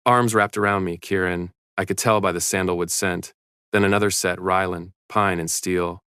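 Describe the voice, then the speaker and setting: A man narrating a first-person story in a steady, even read. His voice is deep and smooth, recorded dry and close. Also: normal speed, no room sound.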